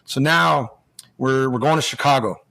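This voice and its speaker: A man's voice: medium pitch, moderate pace, vocal fry, bright, forceful tone. An American man, a former hockey player, telling long stories in a rambling way, with many restarts and acted-out quotes. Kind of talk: casual storytelling.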